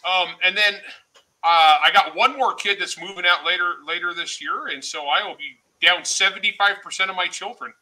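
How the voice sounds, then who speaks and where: A middle-aged man chatting loudly on a livestream, joking and laughing often. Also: high-pitched, moderate pace, low-quality recording. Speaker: guest author. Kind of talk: casual livestream chat.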